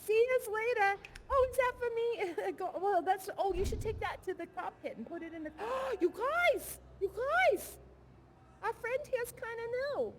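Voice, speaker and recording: A woman's voice: extremely high pitch, sing-song, normal speed, slight background noise. A woman playing a bubbly, giggly young woman who longs to bartend, chatting and rambling on through a headset mic in a live virtual reality show. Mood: chatty. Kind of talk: improvised live character chat.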